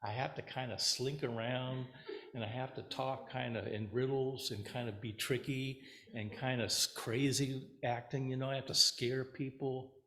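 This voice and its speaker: A man's voice: mid-range voice, fairly even intonation, normal speed, a bit bright, reverberant, natural voice. A man voicing a weary male demon king who is tired of scaring people, complaining in an exasperated way.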